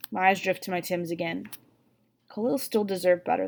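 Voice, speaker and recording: A woman reading a novel aloud in an expressive, first-person narration. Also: on the low side, normal speed, creaky. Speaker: audiobook reader.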